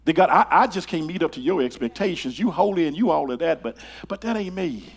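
Older pastor man preaching in church, keeps restarting his words, goes quiet then loud, voice a bit high. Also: animated, fairly quick, vocal fry, few pauses. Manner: conversational preaching with repeated stammered starts, swinging from hushed to loud. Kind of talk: sermon. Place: church sanctuary.

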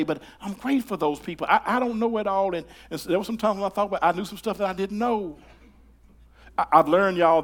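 Older pastor man preaching in church, keeps restarting his words, goes quiet then loud, voice a bit high. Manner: conversational preaching with repeated stammered starts, swinging from hushed to loud. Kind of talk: sermon. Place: church sanctuary.

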